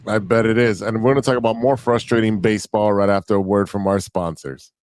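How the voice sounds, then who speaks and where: A man's voice: on the low side, fairly even intonation, fast talker, a little mellow. A man hosting a podcast in casual chat, easygoing, laughing along and running through stats. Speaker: podcast host.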